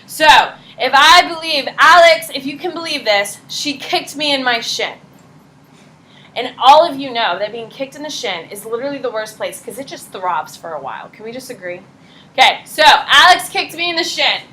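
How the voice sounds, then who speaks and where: A woman teacher giving a chatty, animated classroom lecture, often checking in with her students. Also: high-pitched, moderate pace. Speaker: high school teacher. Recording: roomy classroom echo.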